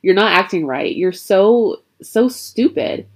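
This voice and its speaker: A woman's voice: mid-range voice, lively intonation, slow, slightly rough. A mean ten-year-old boy from a spooky storybook, sneering and scornful as he talks down to his sister, as a woman reads his part. His words drip with contempt.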